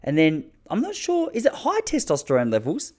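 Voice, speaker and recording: An Australian man in his thirties, hosting a podcast and telling rambling, self-mocking comic stories with quick asides. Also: high voice, huge pitch swings, a little mellow. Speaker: podcast host. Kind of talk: comic storytelling monologue.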